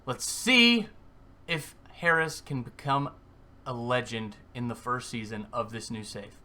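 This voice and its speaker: A man commentating his own football video game match, swinging from calm play-by-play to excited yelling. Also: mid-range voice, a little slow. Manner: excitable, screams at goals, then deflated and muttering. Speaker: gaming YouTuber. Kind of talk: live gameplay commentary.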